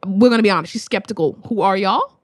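A young woman, a spoken word poet, telling a story in animated, laughing, swearing casual chat. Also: medium pitch, quick pace, no room sound. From Australia.

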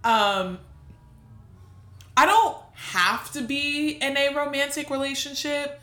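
A woman's voice: high-pitched, slow, pauses often, sharp tone, echoey room. A young adult woman co-hosting a podcast, talking candidly and emotionally, close to tears and swearing freely. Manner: emotional, swears freely, voice rising when upset. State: near tears. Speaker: podcast co-host. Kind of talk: candid casual chat.

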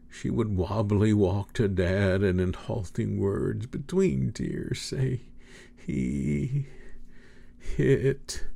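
A man preaching a sermon, with dramatic, slow, emphatic delivery and big swings in pitch and volume. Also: vocal fry, a little mellow.

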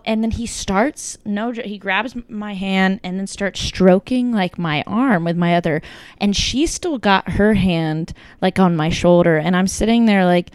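Young woman, chatty storyteller, filler-heavy and animated in quotes; clean, dry read. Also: medium pitch, measured pace, clean tone, no room sound. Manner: chatty, lots of "like" and "kinda", quoting others in lively bursts. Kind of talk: casual storytelling chat.

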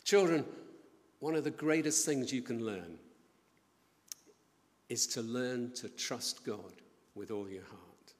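A middle-aged man preaching a sermon, telling a story in a lively way and acting out the voices of the people in it. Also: mid-range voice, takes it slowly, long pauses. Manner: storytelling, animated, acts out quoted voices. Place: church building. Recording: long church reverb.

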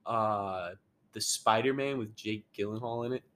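A young man in casual chat with friends, animated and heavy on swearing and slang. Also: on the low side, normal speed. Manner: lively, swears a lot, says bro.

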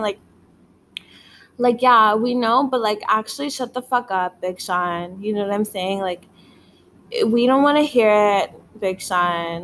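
A woman hosting a casual solo podcast, rambling with lots of filler words, swearing and frequent laughter while she is high. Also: a bit bright, a little hiss or hum. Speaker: podcast host.

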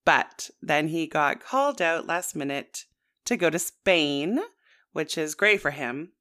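A woman's voice: low voice, lively intonation, slow, fairly bright tone. A woman in her thirties co-hosting a podcast in casual chat, with a sing-songy way of talking. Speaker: podcast co-host.

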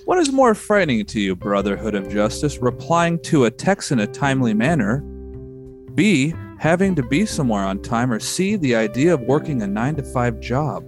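A man's voice: medium pitch, sing-song, moderate pace, over music. A man co-hosting a podcast, joking and chatting casually. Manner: playful, jokey. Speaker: podcast co-host. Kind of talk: casual chat.

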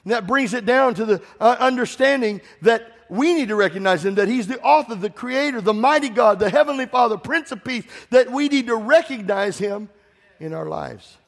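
A man preaching a sermon in a church, impassioned and swelling into shouts, putting direct questions to the congregation. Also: extremely high pitch, expressive, moderate pace, vocal fry. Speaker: pastor.

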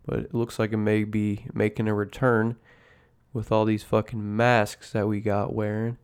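A man with a lowish, clear, resonant voice and a slightly mellow tone hosts a casual podcast from home over coffee. His delivery is flat and at normal speed as he rambles in a laid-back way, swearing constantly.

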